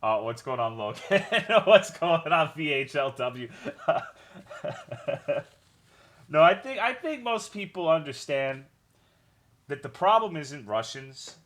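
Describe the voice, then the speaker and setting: A man's voice: fairly high pitch, sing-song, takes it slowly, long pauses, a bit bright. A young man streaming a game, chatting casually with his viewers in a rambling way, swearing often and greeting chat by name.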